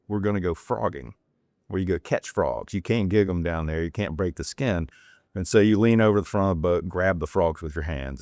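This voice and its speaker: A fairly low-pitched man tells loose, rambling stories as a podcast guest, restarting his sentences as he goes. He is from North Carolina and talks in a relaxed, chatty way. The sound is dry, with no room echo. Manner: rambling, digressive anecdotes with restarts; acts out quoted people in a raised voice. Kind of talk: casual storytelling.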